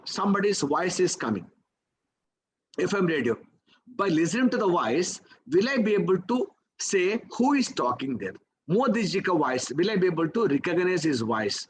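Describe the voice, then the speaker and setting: Indian english guy, pretty high voice, coaching a class, keeps going "okay? right?". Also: slight background noise, poor audio. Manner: coaxing, peppers talk with "okay?" and "right?"; poses rhetorical questions to the class. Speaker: memory trainer. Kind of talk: live teaching session.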